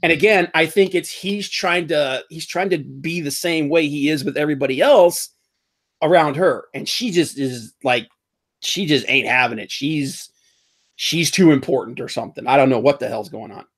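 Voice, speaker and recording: A man hosting a casual pop-culture podcast, rambling and animated, often laughing as he mocks what he talks about. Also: a little high, moderate pace. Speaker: podcast host.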